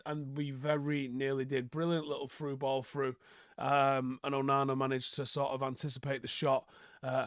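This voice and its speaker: A man's voice: on the high side, no room sound, clean studio sound. A young man hosting a football channel, giving a casual match review in a chatty way with many fillers and restarts.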